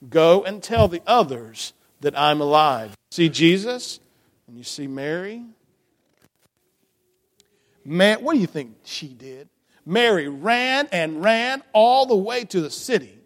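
A man reading a children's story aloud in church, lively and animated, stopping to ask the children questions. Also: sits high. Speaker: children's message leader. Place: church sanctuary. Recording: long church reverb.

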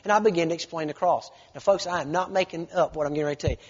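A folksy, animated man in his forties preaches and spins a story from the pulpit. His voice sits high and a little husky. The sound is dull and lo-fi, with a long reverb trailing behind him. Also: rapid-fire. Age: 40s. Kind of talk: sermon with storytelling. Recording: lo-fi recording with long hall reverb.

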